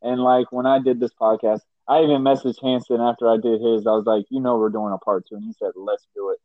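A man hosting a casual podcast, telling stories with lively quoted voices. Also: mid-range voice, fast talker, no room sound. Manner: animated storyteller, voices others in quotes. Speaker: podcast host. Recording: dry, dull lo-fi sound.

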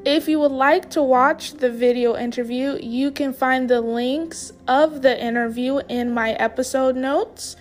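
A woman's voice: sits high, steady tone, a little slow, hardly any pauses, soft background music. A woman hosting a podcast interview, friendly and polite, asking questions with a few ums. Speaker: podcast host.

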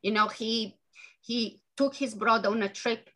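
An earnest woman speaks as an author in an interview. She talks in a halting way, often restarting her sentences. Her voice sounds bright and forceful. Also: a little high, poor audio. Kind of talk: interview guest.

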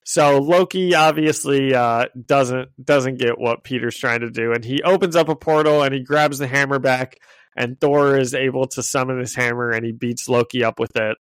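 A man of ordinary pitch chats on a podcast, recapping a comic story in a loose, amused way. His voice sits close and dry on the mic, with little room sound. He drops quick paraphrased lines from the characters as he goes. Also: smooth, dry recording. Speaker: podcast co-host. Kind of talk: casual chat, retelling a comic.

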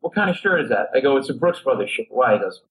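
A man's voice: mid-range voice, quick pace, a little hiss or hum, rough recording. A middle-aged man from Rhode Island, a comedian guest telling a long story on a talk show and acting out the people in it. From Rhode Island, USA. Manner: lively anecdote teller who acts out other people's voices.

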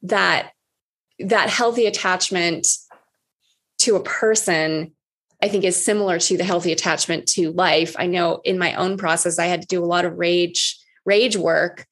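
A woman's voice: lowish voice, fairly even intonation, a little slow, fairly bright tone. Candid, frank-talking woman coach. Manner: candid, swears freely, acts out her own past words. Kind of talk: casual conversation.

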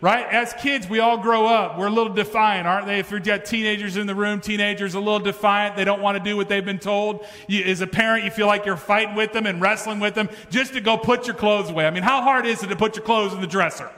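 A pastor preaching in a church sanctuary, his high, bright voice ringing through a long hall reverb. He talks to the room in a conversational way and pushes his points with rising emphasis. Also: steady tone, fast, hardly any pauses. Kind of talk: sermon.

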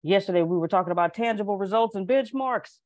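A woman's voice: medium pitch, quick pace, darkish tone, dry recording, clean studio sound. A woman enthusiastically introducing the main speaker on a group call. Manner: announcing, enthusiastic.

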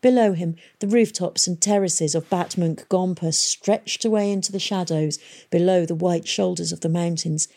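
Woman narrator, lowish mellow voice, even audiobook delivery. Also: moderate pace. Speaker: audiobook reader. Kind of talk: scripted narration.

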